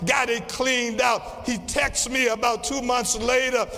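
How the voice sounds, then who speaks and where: A man preaching a sermon as pastor, with a rhythmic delivery that swings from quiet passages to shouts. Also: very high-pitched, little pitch movement, measured pace, gravelly. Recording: long reverb of a large hall.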